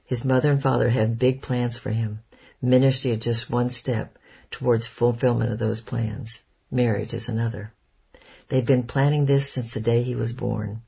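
A man's voice: mid-range voice, level tone, moderate pace, creaky, warm tone, slightly rough. A man reading a careful, uneasy young man. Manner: hesitant, cautious explaining.

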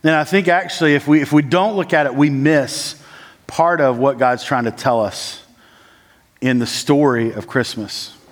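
A man serving as a church planting resident delivers a sermon, his words frequently broken by "uh" and "like." He goes from raised, urgent statements to hushed, slow, low ones, in a recording with long church-hall reverb.

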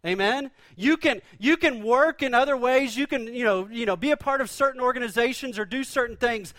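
A man's voice: very high-pitched, fairly quick, a bit bright, dry recording. A male pastor preaching a sermon in a conversational, joking storytelling manner.

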